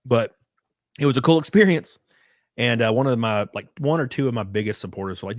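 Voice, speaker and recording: A man's voice: medium pitch, brisk, no room sound, clean studio sound. A man telling rambling stories in casual chat, full of fillers and acted-out quotes. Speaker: guest on a live stream.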